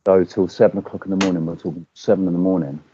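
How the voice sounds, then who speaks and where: A man in casual chat, telling stories with animated swearing and acting out quotes. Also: sits low, rapid-fire, slight background noise. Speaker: podcast guest. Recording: dull lo-fi audio.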